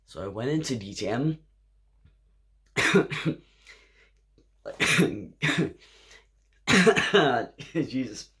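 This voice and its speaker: A man's voice: medium pitch, expressive, drawn-out words, long pauses, fairly bright tone, husky. A tipsy man telling a rambling story at home late at night, coughing now and then and restarting his sentences. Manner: rambling, with filler words and restarts. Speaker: drag performer vlogging. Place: home, indoors.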